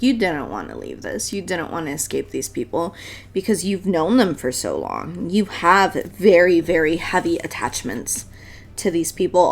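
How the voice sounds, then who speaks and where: A woman giving a casual tarot reading to her viewers, chatty and blunt, swearing freely and laughing often. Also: fairly low pitch. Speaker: tarot reader.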